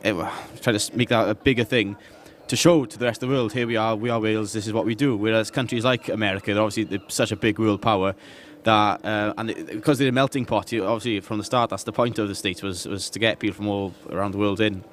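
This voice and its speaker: A man with a fairly low voice who talks quickly and earnestly. He works through a long explanation full of fillers. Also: fairly even intonation. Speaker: audience member.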